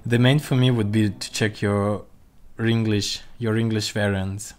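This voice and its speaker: A man teaching a livestreamed vocabulary lesson, slowly modelling pronunciation and repeating sounds for his students. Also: on the low side, steady tone, darkish tone. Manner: slow, careful, demonstrates pronunciation by repeating sounds. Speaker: language teacher. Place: home room, streaming. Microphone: computer mic on a livestream.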